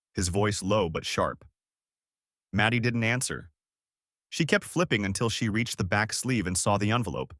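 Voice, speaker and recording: A man with a fairly low voice narrates a first-person story. His delivery is steady and even. The sound is close and dry, with no room around it. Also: no room sound.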